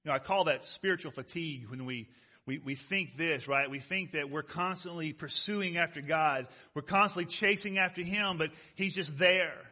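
A male pastor preaching a sermon, emphatic, asking his congregation questions and swinging from loud stressed words to soft, close remarks. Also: a little high, moderate pace. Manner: rises loud on key words, drops soft and intimate.

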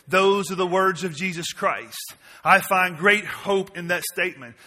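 A middle-aged man preaching a sermon as pastor, swinging between shouted passages and hushed, intimate ones. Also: high-pitched, a little slow. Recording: long hall reverb.

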